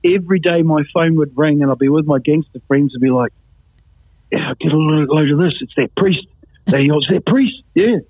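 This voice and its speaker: A man tells a personal story in a lively, casual way, slipping into other people's voices and laughing as he goes. His voice sits a little high and sounds husky. The sound is dry and thin, like it comes over a phone line. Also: no echo. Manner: animated, acts out voices, laughs often. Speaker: guest telling his testimony.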